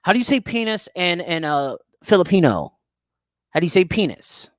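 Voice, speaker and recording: A man's voice: sits high, very animated, moderate pace, no echo, clean studio sound. A young man, hosting a crude, teasing podcast chat and laughing often. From United States. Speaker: podcast host. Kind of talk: casual chat reading live chat.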